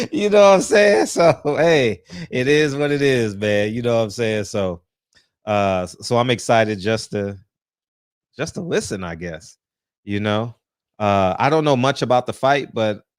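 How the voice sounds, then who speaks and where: A man's voice: fairly low pitch, clear, resonant tone, no echo, studio quality. A man hosting a casual livestream, greeting viewers by name and chatting loosely, often tagging lines with "man" and laughing. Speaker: host. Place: home, just out of the shower.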